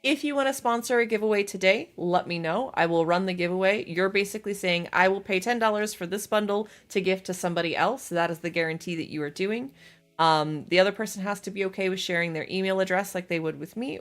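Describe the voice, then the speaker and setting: A young woman chatting casually while livestreaming a game, self-deprecating and quick to laugh. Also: on the low side. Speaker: streamer. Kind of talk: casual gaming livestream chat.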